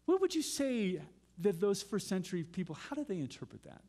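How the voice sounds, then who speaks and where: Middle-aged male preacher, high voice, theatrical scripture reading. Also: big pitch swings, brisk, dark tone. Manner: dramatic, reads scripture aloud and acts out pleas to God. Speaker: pastor. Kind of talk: sermon.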